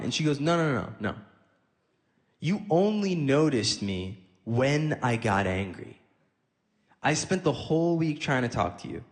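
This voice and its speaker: A man doing a stand-up set, telling conversational stories in a medium-pitched voice. He slips into quoted dialogue as he acts out the scenes he describes. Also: animated, moderate pace, in a large hall. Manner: conversational storytelling, acting out dialogue. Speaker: stand-up comedian. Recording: live audience laughing.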